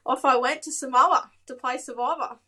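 A woman's voice: sits high, steady tone, normal speed, sharp tone. A young Australian woman chatting as a podcast guest, telling stories with lots of laughter and acted-out quotes. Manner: chatty, laughs often, acts out quoted voices. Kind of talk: casual storytelling.

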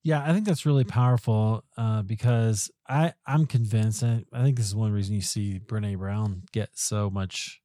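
A man hosting a podcast interview, talking in a thoughtful, halting way with many restarts. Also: fairly low pitch, fairly even intonation, warm tone, no room sound, clean studio sound. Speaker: podcast host. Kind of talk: conversational interview.

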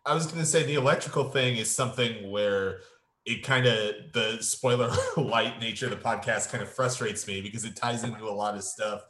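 A man with a bright, forceful voice co-hosts a casual podcast, thinking aloud in loose, rambling sentences. His voice carries a roomy echo. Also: on the low side, fairly quick.

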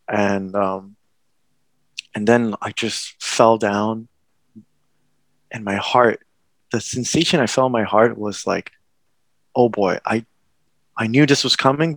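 A young man tells a personal story in a loose, rambling way, stumbling over restarts and slipping in nervous laughs. His voice has a gravelly edge to it. The sound is dry and close, with no room around it. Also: medium pitch, dry recording. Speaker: guest. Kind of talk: casual conversation, personal story.

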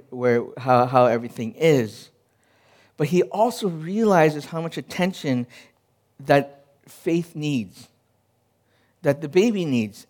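A male pastor in his thirties with a fairly high voice, preaching an earnest sermon. He tells personal stories in a conversational way and often restarts his phrases as he searches for words. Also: darkish tone.

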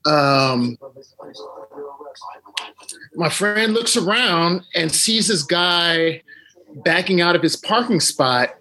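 Guy calling in on video, tells a story slow with lots of ums, bright sharp voice. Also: high voice, lively intonation. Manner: hesitant, many ums. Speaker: guest. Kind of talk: storytelling on a podcast.

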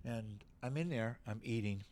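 A middle-aged man, a guest on a talk show, telling a long story in a lively way, swearing freely and acting out the other people in it. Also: on the low side, moderate pace, a little hiss or hum. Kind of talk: animated storytelling.

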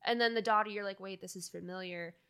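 A woman co-hosts a relaxed podcast, chatting loosely about a film and filling gaps with "like" and "um." Her voice has a bright edge at a middle pitch. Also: fast, clear, resonant tone. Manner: chatty, full of "like" and fillers. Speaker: podcast co-host. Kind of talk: casual chat, reviewing a film.

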